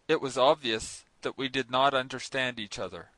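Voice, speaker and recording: Audiobook narrator: a man with a formal, earnest delivery, bright and high, in a close, dry recording. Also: steady tone, normal speed, hardly any pauses, no room sound. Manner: formal, earnest, first-person telling. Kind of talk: scripted narration of a classic novel.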